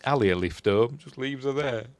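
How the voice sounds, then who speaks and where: A man's voice: mid-range voice, normal speed, no echo. A man with a Yorkshire accent casually recapping a horror film, rambling and chuckling as he goes. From Yorkshire, England. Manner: rambling, chuckling, quotes characters in a raised voice. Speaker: film reviewer.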